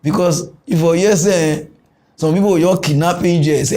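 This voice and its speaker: Man, Nigerian Pidgin accent, young adult, high pitch, animated comic rant, mock news host. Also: normal speed. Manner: animated ranting, chuckles often.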